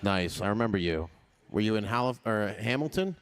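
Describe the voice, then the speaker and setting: A man doing crowd-work stand-up comedy, loose and profane, laughing often and swinging his pitch up and down. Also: lively intonation, a little fast, clean tone.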